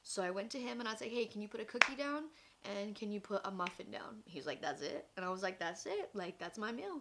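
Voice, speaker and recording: A woman's voice: medium pitch, fairly bright tone. A young woman vlogger telling a personal story in a chatty, casual way, filling with "like" and acting out what people said. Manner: chatty, lots of "like", acts out quotes. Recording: faint background noise.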